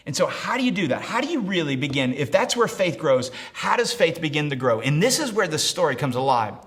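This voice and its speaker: A high, bright male pastor delivers an animated sermon, his pitch swinging widely. He repeats lines for emphasis and acts out quotes, climbing into shouts at the peaks. The voice sounds forceful and sharp. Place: church service, also streamed online.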